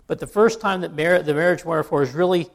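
A pastor giving a relaxed, conversational sermon, folksy and joking, often restarting his sentences. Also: on the high side, fast talker, vocal fry.

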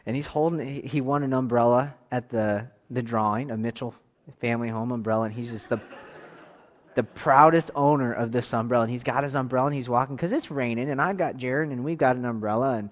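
A man in his thirties tells a family story in a loose, rambling way. He starts over often and slips into lively voiced quotes. His voice sits at an ordinary middle pitch. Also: long reverb tail. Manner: rambling, animated, with quick restarts and voiced quotes. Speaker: father telling a church camp story. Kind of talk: casual storytelling.

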